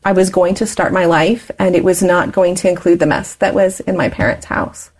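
A woman's voice: lowish voice, fairly even intonation, moderate pace, husky. A woman in her forties, an interview guest telling her life story candidly and laughing often as she talks.

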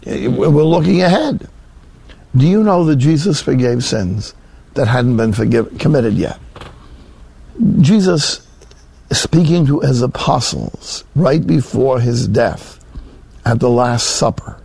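A man with a gravelly, husky voice gives an earnest sermon. His tone is mellow and dry, close to the mic, and it climbs to emphatic peaks before settling into slow, careful quotation. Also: medium pitch, expressive, no echo. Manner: earnest, rising to emphatic peaks, quoting scripture slowly. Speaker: preacher.

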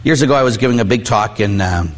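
Preaching priest in a reverberant hall. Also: male voice, on the low side, quick pace. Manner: conversational preaching, frequent "huh?" asides. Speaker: Catholic priest. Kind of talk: sermon with personal stories.

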